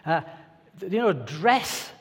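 Animated preacher in a reverberant hall. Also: male voice, sits high, slow pace, slightly rough. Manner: conversational, anecdotal, playful asides. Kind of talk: sermon.

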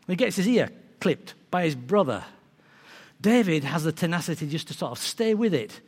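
A preacher with a high, lively voice tells the story with animation. His words ring through a big hall with a long reverb. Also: normal speed, slightly rough. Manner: animated storytelling, acting out characters. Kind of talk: sermon.

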